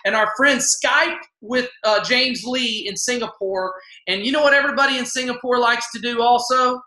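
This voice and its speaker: Upbeat man pitching from home; bright, roomy sound. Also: normal speed. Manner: upbeat, folksy, repeats himself. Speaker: co-host of an online sales party. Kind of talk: casual sales pitch.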